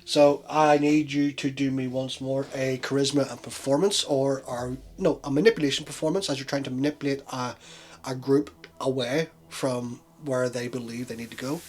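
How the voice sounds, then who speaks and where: Man storyteller, mid-pitch, descriptive game narration. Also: fairly even intonation, normal speed, a little mellow. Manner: descriptive, questioning players.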